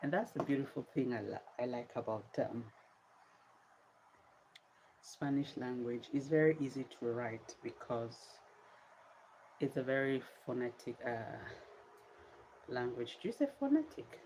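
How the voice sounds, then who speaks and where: Tired, slow-talking woman vlogger. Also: very deep voice, very animated, dark tone, slight background noise, low-quality recording. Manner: chatty, pleading for likes, drawn-out words. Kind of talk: casual livestream chat.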